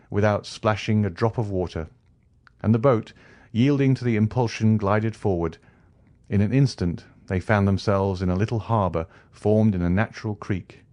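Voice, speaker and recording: A man narrating an audiobook of a classic novel in a measured, even storytelling manner. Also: on the low side, dry recording. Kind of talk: scripted narration.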